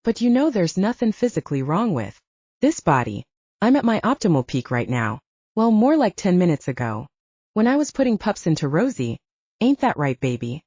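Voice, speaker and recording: A woman's voice: fairly low pitch, big pitch swings, moderate pace, warm tone, husky, dry recording. A woman voicing a cocky, rugged alpha male werewolf soldier with a teasing, drawling manner, in a dull lo-fi recording.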